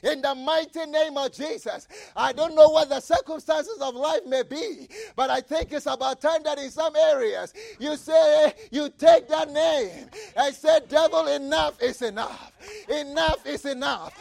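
A man preaching a fervent sermon, repeating phrases, shouting key lines and reading scripture aloud. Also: very high-pitched, creaky. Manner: reads scripture aloud and comments with asides.

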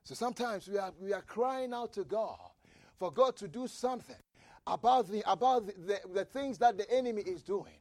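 A man preaching a fervent sermon, repeating phrases, shouting key lines and reading scripture aloud. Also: high voice, animated, normal speed, no echo. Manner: reads scripture aloud and comments with asides.

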